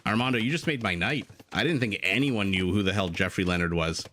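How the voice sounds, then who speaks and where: A man calls a live strategy game in a slightly low voice. He talks in a loose, jokey way and keeps breaking off to reply to his chat. Faint keyboard typing sits under his voice. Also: brisk, a bit bright, slight background noise. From Canada. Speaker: game caster. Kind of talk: live esports commentary, reading chat.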